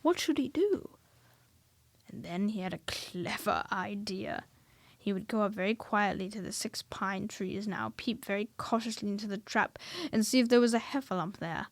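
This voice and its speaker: A woman reading a children's storybook aloud, expressive and dropping to hushed whispers at tense moments. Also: mid-range voice, normal speed, no echo.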